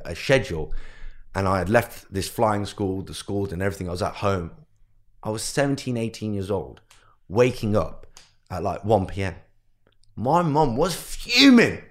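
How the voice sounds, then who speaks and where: Low-voiced man telling his story animatedly. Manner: animated storyteller who acts out quotes of family. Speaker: guest entrepreneur. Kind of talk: storytelling in a podcast interview.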